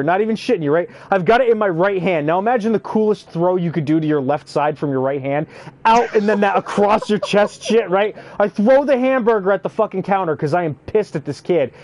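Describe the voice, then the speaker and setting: A young man telling profane work stories in casual chat, acting out quotes in animated bursts. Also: sits high. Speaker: youth care worker. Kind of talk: casual storytelling while gaming.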